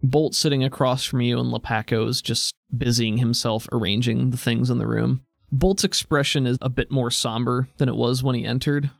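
A game master calmly narrating scenes for his players. His voice is mid-pitched and sounds dry and close to the mic, with faint music underneath. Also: normal speed, vocal fry, no echo.

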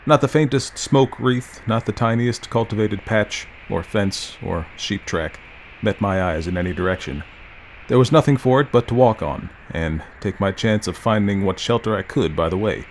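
Low-voiced man reading a ghost story. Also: slight background noise, rough recording. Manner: measured, dramatic reading. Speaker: audiobook narrator. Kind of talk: scripted narration of a Victorian ghost story.

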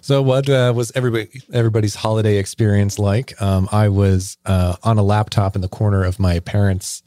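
A podcast co-host tells a long, casual story, rambling and laughing with lots of fillers. His voice is on the low side and dark in tone, brisk, with fairly even intonation.

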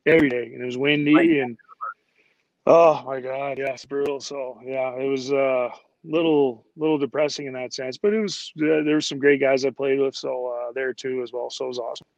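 A man's voice: mid-range voice, steady tone, moderate pace, vocal fry, no echo, lo-fi sound. A man, a former hockey player, telling rambling casual stories with lots of "like" and "you know" fillers. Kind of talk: casual storytelling interview.

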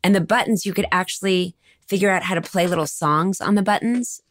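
A woman's voice: on the low side, a little fast, dry recording. Woman in her 50s chatting, acts out voices, dry close mic. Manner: animated storyteller, acts out phone voices. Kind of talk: casual chat.

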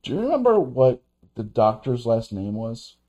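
A man co-hosting a casual film review chat, talking in halting bursts with many restarts. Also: medium pitch, sing-song, warm tone. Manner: halting, many restarts and fillers, laughs as he talks. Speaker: podcast co-host.

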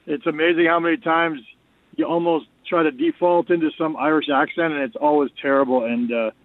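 Guest analyst by phone: man, fairly high voice, dry tinny line, frank and halting. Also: fairly even intonation. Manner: candid, repeats words while restarting. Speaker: radio host appearing as guest analyst. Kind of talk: casual sports radio chat.

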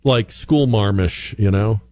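A man hosting a call-in radio talk show, chatty and animated, now and then mimicking other voices as he tells stories. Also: on the low side, slow pace, no echo. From northern United States. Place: radio studio.

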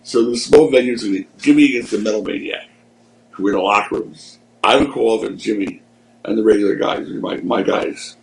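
A man's voice: fairly low pitch, brisk, creaky, a little hiss or hum, poor audio. A man who was a wrestling promoter, telling rambling stories as a guest in a casual interview. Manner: rambling, conversational storyteller. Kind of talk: anecdotal storytelling in a casual interview.

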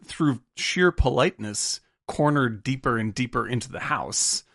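Gravelly, lively podcast co-host man. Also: medium pitch, no room sound, clean studio sound. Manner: animated, acts out film characters in quick impressions, laughs often. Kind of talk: casual film discussion.

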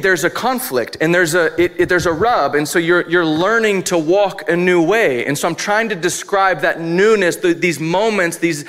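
A man's voice: sits high, fairly bright tone. A man who is a father of young boys, preaching a casual, conversational sermon full of asides and self-deprecating laughs. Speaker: pastor.

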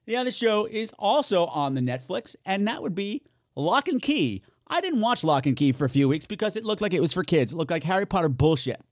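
A man hosting a solo podcast, chatting in an animated, campy way, swearing freely and talking to himself. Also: high-pitched, brisk, dry recording, studio quality. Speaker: podcast host. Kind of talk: solo podcast chat, horror recommendations.

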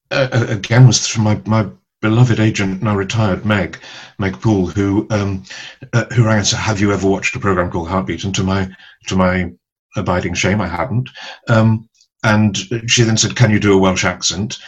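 An older man recounts his acting days in an unhurried interview. His voice sits a little low and has a husky edge. He keeps pausing with ums and circling back on his words as the story unfolds. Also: low-quality recording. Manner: storytelling, halting with many ums and restarts. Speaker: actor, guest. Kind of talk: relaxed interview anecdotes.

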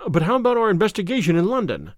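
A man's voice: sits high, wildly swooping pitch, rapid-fire, dry recording, studio quality, pitched above the performer's own voice. A man reading an audiobook, voicing an earnest, recovering young man. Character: weak young male convalescent client, eager.

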